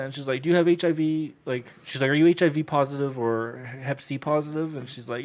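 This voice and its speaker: A young man tells a story on a podcast in loose, casual chat. He swears constantly and jumps into loud, animated voices for the people in his tale. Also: medium pitch, quick pace. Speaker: podcast co-host telling a story.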